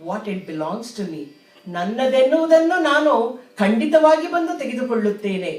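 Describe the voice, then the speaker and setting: A woman storyteller voicing a poor, humble male Brahmin who pleads gently but keeps insisting. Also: a little high, sing-song, brisk, echoey room, distant mic, soft background music. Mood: calm. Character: poor old male Brahmin beggar, a god in disguise.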